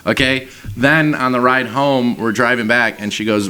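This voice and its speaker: A man's voice: medium pitch, steady tone, moderate pace, hardly any pauses, pushed and bright, clean tone. A man hosting a podcast, telling a dating story in casual chat, swearing and laughing as he goes. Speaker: podcast host. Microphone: set up for two cameras.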